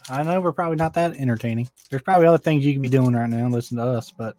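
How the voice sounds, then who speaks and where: A man's voice: mid-range voice, racing, dark tone. A man co-hosting a casual podcast, laughing often and reading listener chat aloud. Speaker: podcast co-host.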